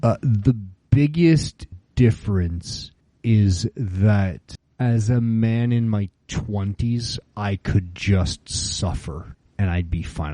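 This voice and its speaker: A man in his late forties chatting casually on a podcast, telling stories and acting out quotes in higher voices. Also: dark tone, breathy edge, no echo. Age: 40s. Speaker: podcast co-host. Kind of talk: casual chat.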